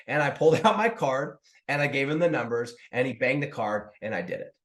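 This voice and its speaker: A man in his thirties, an online business coach, telling a story to viewers in a lively, casual way. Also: medium pitch, brisk. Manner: animated, talks to viewers as "dude" and "guys". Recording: roomy echo.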